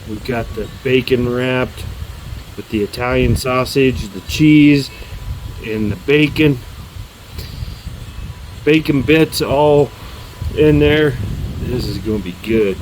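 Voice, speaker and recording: A man's voice: medium pitch, a little mellow, a little hiss or hum, rough recording. A man who runs a grill shop, tasting his own cooking in a casual demo and exclaiming with delight while he chews. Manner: enthusiastic, drawn-out exclamations of delight; talks while chewing.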